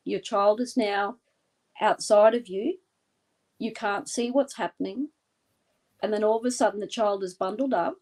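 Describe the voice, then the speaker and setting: A woman from Australia, a guest in an interview, leading a guided visualization with an intense, deliberate, vivid way of telling. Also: mid-range voice, darkish tone.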